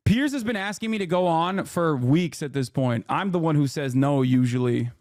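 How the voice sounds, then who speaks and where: A male political commentator on a live stream, reacting in a profane, animated and boastful way. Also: on the high side, moderate pace, dry recording, clean studio sound.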